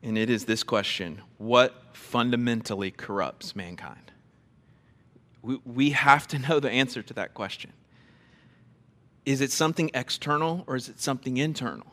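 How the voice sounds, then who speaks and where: A man's voice: mid-range voice, moderate pace, bright, forceful tone, long reverb tail. A man preaching a sermon to a congregation, emphatic and quizzing his listeners with questions. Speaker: pastor. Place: church before a congregation.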